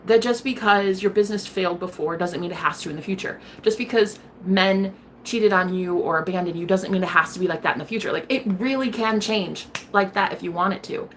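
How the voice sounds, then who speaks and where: A woman talking straight to camera in a casual vlog, sassy and playful, dropping to a hush and then getting loud again. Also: mid-range voice, fairly quick, a little hiss or hum. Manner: sassy, playful, swings between loud and hushed. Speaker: vlogger.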